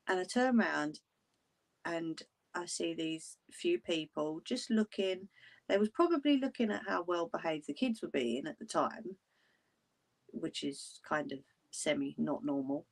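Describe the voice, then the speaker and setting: A woman hosts a casual livestream, chatting with her viewers. She talks in an unhurried, drawn-out way with a somewhat low voice. She is blunt and breaks into laughter often. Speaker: livestream host.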